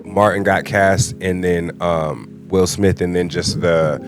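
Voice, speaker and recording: Laid-back low-voiced man. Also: fairly even intonation, takes it slowly, faint music behind. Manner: laid-back, slangy, drifts quieter. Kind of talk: casual chat.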